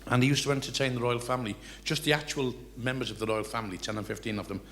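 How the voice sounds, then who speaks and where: An older man with a Liverpool accent telling rambling, salty anecdotes live on stage, building excitement toward each punchline. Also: medium pitch, very fast. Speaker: comedian telling stories. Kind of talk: live stand-up storytelling. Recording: echoey live venue, faint noise.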